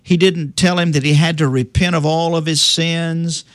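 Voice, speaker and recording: A man's voice: a little high, steady tone, normal speed, fairly bright tone, no room sound, clean studio sound. A middle-aged man explaining salvation in a conversational teaching style, often restarting sentences and quoting scripture in old-fashioned wording. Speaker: preacher.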